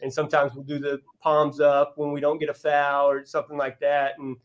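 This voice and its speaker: A man's voice: fairly high pitch, monotone, fairly quick, dull audio. Earnest male coach telling heartfelt stories. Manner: earnest, heartfelt, with many restarts. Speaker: college basketball coach, podcast guest. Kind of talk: casual interview storytelling.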